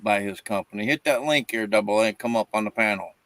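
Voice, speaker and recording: A man's voice: lowish voice, quick pace, fairly bright tone, no room sound. A man hosting a casual livestream panel, drawing guests in and asking questions. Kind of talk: casual chat.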